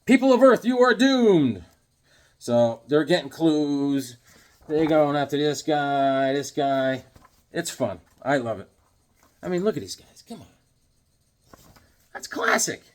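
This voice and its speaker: A man casually shows off his comic books in an enthusiastic, rambling way, full of restarts and filler words. His loudness swings as he leans toward and away from the mic. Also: medium pitch, expressive, slow pace, long pauses. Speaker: comic book reviewer. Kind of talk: casual comic book show-and-tell.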